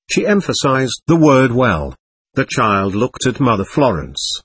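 Husky man reading a spiritual text. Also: mid-range voice, sing-song, a bit bright, no echo. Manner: measured, earnest storytelling. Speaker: narrator.

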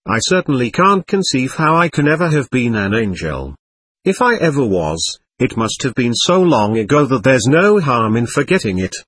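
Male reader as the devil: genteel, sly, husky, lower and softer than his narration, lively pitch. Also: normal speed, dry recording. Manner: smooth, mocking, genteel. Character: suave, ironic male devil, a shabby gentleman. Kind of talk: audiobook reading.

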